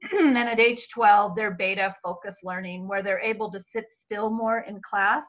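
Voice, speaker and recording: A woman giving a Bible-based teaching talk about children's minds, earnest and expressive. Her voice is slightly hoarse from talking a lot. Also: medium pitch, measured pace. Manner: earnest and expressive, acting out what parents say to children. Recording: dull lo-fi recording.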